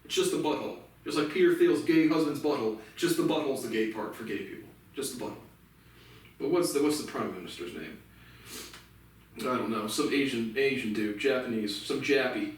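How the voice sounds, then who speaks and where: A man's voice: medium pitch, brisk, a little hiss or hum. Man, angry profane rant, very echoey room, far from the mic. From United States. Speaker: vlogger. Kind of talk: solo ranting monologue.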